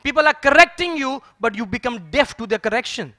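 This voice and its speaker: A man giving a sermon in a temple, telling a story in a lively, conversational way and chuckling often. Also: very high-pitched, fairly quick, no room sound, clean studio sound. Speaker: preacher. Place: temple hall.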